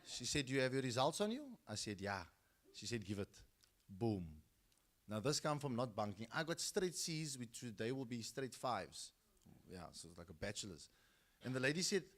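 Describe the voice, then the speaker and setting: A man's voice: medium pitch, big pitch swings, moderate pace, a bit bright. A middle-aged man with a South African accent, giving a storytelling speech at a school football launch and acting out the people he quotes.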